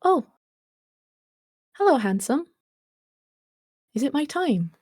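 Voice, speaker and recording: A woman voicing a sweet, frail old woman who has just woken from death, gentle and bewildered. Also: high-pitched, big pitch swings, slow pace, dry recording, studio quality, voice pushed up, exaggerated voice. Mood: sweetly surprised. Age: older.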